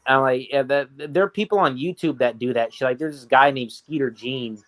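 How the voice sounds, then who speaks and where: A man co-hosting a casual podcast chat, rambling and swearing as he tells stories in an animated way. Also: mid-range voice, brisk. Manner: profane, rambling, animated storytelling. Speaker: podcast co-host.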